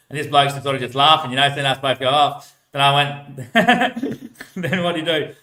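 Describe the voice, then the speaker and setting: An Australian homeless man rambles through casual stories about street life, laughing often and letting his lines trail off quietly. His voice is mid-range at a moderate pace, recorded with a roomy sound.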